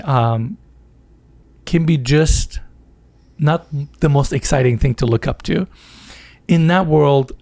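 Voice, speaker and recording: A man's voice: mid-range voice, a little mellow, no room sound. A man hosting a podcast, asking his guest earnest, admiring questions. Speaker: podcast host. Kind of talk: interview questions.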